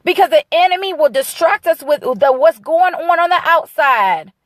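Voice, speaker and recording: A woman's voice: extremely high pitch, expressive, normal speed, dry recording. A woman preaching an emotional, fervent sermon in an emphatic, repetitive cadence. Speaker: speaker of a ministry. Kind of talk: impassioned sermon-style encouragement.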